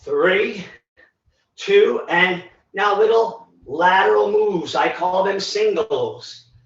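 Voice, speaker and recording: Winded male trainer, slow cues, echoey room far from the mic. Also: high voice, lively intonation. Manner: encouraging, counts down reps and cues moves. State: out of breath. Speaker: fitness instructor. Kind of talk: live virtual workout coaching. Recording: echoey, distant, dull livestream audio.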